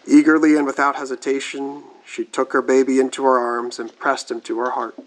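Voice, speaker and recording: A male priest reading scripture and giving a sermon in a measured, formal liturgical manner. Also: mid-range voice, flat delivery, poor audio.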